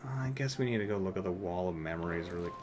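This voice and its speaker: Low-voiced man rambling through a game stream. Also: rapid-fire. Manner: rambling and self-deprecating, heavy with filler words. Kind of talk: casual gameplay commentary.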